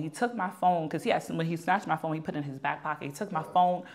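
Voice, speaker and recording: A young adult woman being interviewed, telling a long story in a lively way and acting out the people in it. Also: sits low, fast talker, hardly any pauses. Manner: animated, acts out quoted dialogue. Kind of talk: storytelling anecdote.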